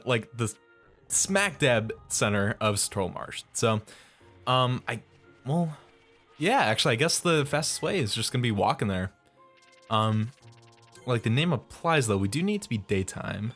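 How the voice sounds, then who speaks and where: A man's voice: mid-range voice, expressive, measured pace, a bit bright. A man giving casual, jokey gameplay commentary in a rambling way, over faint music. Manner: rambling, jokey, many fillers. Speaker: let's play host.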